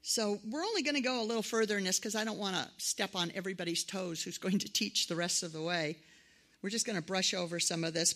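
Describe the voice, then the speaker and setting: Middle-aged female preacher, conversational sermon, gravelly tone, animated when quoting others. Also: mid-range voice. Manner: conversational, animated quoted voices. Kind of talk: sermon with personal stories.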